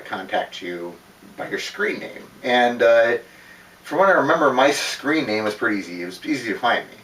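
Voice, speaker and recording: A man's voice: mid-range voice, a bit bright. A man telling a personal story in a casual, rambling way, swearing often and laughing between words. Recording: roomy, distant from the mic.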